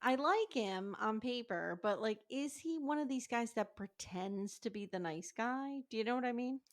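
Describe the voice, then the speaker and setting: A woman's voice: on the high side, lively intonation, normal speed. A woman guest on a podcast in casual chat, thoughtful and agreeable, adding wry asides.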